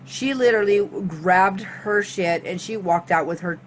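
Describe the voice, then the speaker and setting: Woman vlogger, mid-pitched, animated and profane storyteller who acts out her own reactions. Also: measured pace, few pauses, a little hiss or hum. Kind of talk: storytime monologue.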